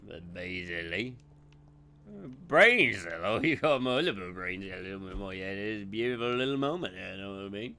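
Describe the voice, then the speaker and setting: Male streamer, smooth low-leaning voice, rambling, sweary, joking. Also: moderate pace, pushed and bright, faint music behind. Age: adult. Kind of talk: live gameplay commentary.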